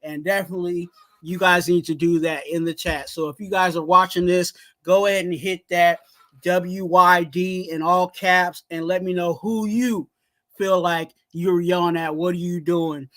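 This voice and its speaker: A man co-hosting a live sports fan stream, talking in a heated rant and yelling at times. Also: high voice, fairly even intonation, moderate pace. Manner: heated, ranting, yells at times. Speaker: co-host of a sports fan livestream.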